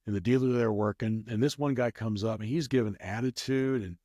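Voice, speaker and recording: A man's voice: mid-range voice, a little fast, warm tone, dry recording, clean studio sound. A man telling a rambling casual story as an interview guest, with many restarts. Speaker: guest, craps player.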